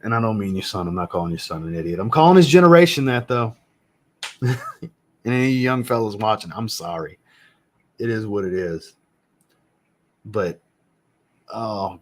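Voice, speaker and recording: A man in his thirties hosting a casual live chat about fragrances from home, blunt and joking, and he swears casually. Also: on the low side. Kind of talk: casual livestream chat answering viewers. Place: home room with a fragrance shelf.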